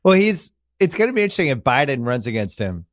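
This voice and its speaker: A man in a middle pitch hosts a podcast, chatting in a wry, rambling way and restarting his sentences. The sound is dry and close. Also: very animated, fast, no echo. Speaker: podcast host. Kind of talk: casual chat.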